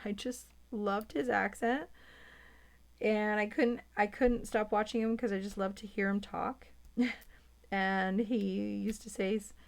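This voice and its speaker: Gravelly-voiced woman chatting through a craft demo. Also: mid-range voice. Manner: chatty, thinks aloud while working, drops to a near whisper. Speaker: papercraft demonstrator. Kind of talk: chatty hands-on craft tutorial.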